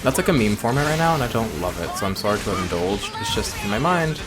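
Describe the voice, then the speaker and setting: Chatty American man with lively pitch. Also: fast talker, loud music behind the voice. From United States. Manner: rambling, joking asides and self-mocking chatter. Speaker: let's play host. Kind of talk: casual gameplay commentary.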